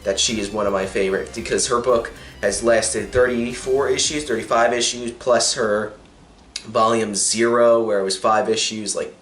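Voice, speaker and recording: A man's voice: on the low side, fairly even intonation, moderate pace, fairly bright tone, slight background noise. A young man casually reviewing a comic, recapping the plot in a rambling way with many fillers and restarts. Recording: echoey room with faint music.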